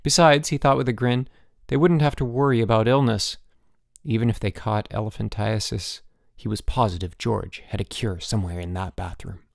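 A man reading a children's novel aloud as an audiobook narrator, steady and clear. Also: on the low side, moderate pace, dry recording. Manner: steady storytelling with voiced dialogue. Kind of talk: scripted narration.

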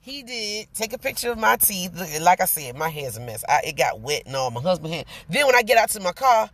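A woman, chatting casually on a phone live stream from her car and telling an animated story. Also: on the low side, brisk. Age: 40s. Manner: chatty, animated storytelling, greets viewers by name. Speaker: vlogger. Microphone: phone camera.

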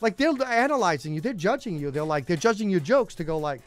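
High-voiced joking man. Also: expressive, quick pace, faint music behind. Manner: loose, joking conversational delivery. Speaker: podcast co-host. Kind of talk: casual podcast chat.

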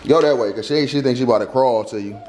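A man's voice: mid-range voice, quick pace, noisy background. A young man vlogging at home, playfully coaxing his baby to walk while chatting to viewers. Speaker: vlogger parent. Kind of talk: casual family vlog. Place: family home.

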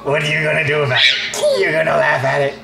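A man's voice: a little high, steady tone, fast talker, a loud crowd. A father talking playfully to his baby in a teasing, sing-song voice that is put on and strained. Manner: teasing, sing-song, putting on a strange gravelly voice. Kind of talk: playful baby talk to an infant. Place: home room. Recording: echoey home video with loud noise.

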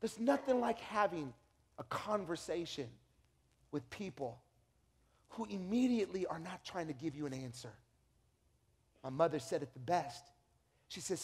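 A pastor preaching a sermon, telling stories in an animated way, acting out quotes and often restarting his sentences. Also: fairly high pitch, normal speed, pauses often, slightly rough. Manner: animated storytelling with acted quotes and repeated restarts.

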